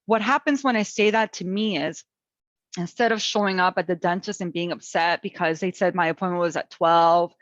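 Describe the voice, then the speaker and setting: A middle-aged woman teaching a parenting webinar, gentle and coaching in tone, talking through calm self-talk. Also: lowish voice, dry recording, highs cut off. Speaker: parent educator.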